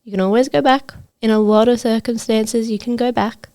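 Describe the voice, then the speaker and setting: A woman's voice: on the high side, steady tone, a little fast, warm tone. A woman hosting a solo podcast as a trades coach, talking in an earnest, motivational way with frequent fillers.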